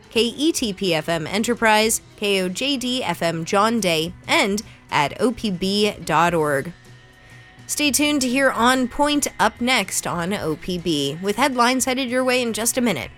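A woman public radio host giving station announcements in a brisk, friendly announcer manner. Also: medium pitch, fairly bright tone.

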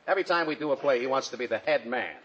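A man hosting a 1940s radio comedy show, boastful and wisecracking with quick comebacks. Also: mid-range voice, animated, a bit bright, slightly rough. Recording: dull old radio broadcast with hiss.

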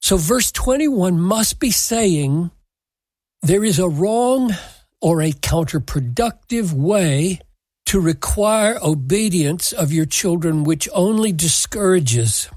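Slow, husky Bible teacher, dry and close. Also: medium pitch, lively intonation, darkish tone, no room sound. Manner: deliberate, emphatic, quotes scripture verbatim. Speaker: Bible teacher answering a listener question. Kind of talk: measured scriptural teaching.

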